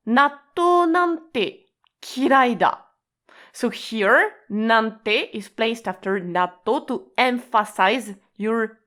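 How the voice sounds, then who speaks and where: A woman gives a relaxed language lesson at an unhurried pace. She talks informally and patiently, and keeps checking that the listener understands. Her pitch sits in a typical middle range for a woman. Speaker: Japanese language teacher. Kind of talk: casual explanatory lesson.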